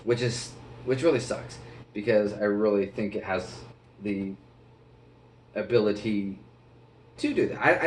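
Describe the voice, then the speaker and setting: A man's voice: lowish voice, reverberant, recorded from a distance, slight background noise. A man giving an earnest, rambling, casual reaction to a film as a movie reviewer.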